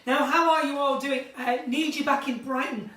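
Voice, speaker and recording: A woman hosting a casual live chat from her kitchen at home, theatrical and chatty, swinging between bright exclamations and low asides. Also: steady tone, moderate pace. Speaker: live-stream host chatting with viewers. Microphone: phone or webcam in a live stream. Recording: roomy, distant from the mic.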